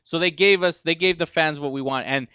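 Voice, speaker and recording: A young man hosting a radio talk show, chatting in an excitable way full of laughs and fillers. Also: fairly high pitch, a little fast, clear, resonant tone, no echo, clean studio sound. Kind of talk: casual chat.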